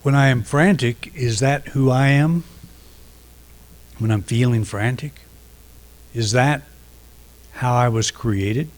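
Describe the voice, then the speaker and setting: A middle-aged man giving a reflective sermon, unhurried, pausing often and restarting phrases. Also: mid-range voice. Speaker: minister.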